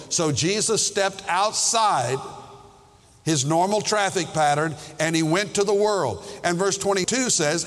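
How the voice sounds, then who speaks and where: A man preaching a sermon as a pastor, his voice set slightly high for a man. He takes each phrase slowly and leans into the emphasis, putting questions to his congregation. A long hall reverb trails behind every line.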